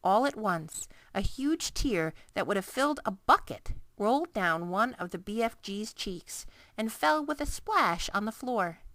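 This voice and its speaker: Woman reading a storybook with lively expression. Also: medium pitch, measured pace, dry recording. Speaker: reader. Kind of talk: reading a children's book aloud.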